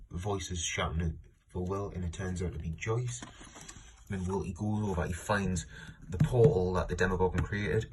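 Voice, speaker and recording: Low husky-voiced man rambling a review. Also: a little mellow. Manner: rambling, many "like" and "and then" restarts. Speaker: fan forum moderator reviewing comics. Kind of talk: casual spoken review, retelling a story.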